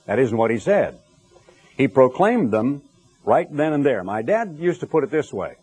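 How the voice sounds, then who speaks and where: A man's voice: mid-range voice, very animated, moderate pace, warm tone, husky. A middle-aged man preaching a sermon, telling stories with conversational asides to the congregation.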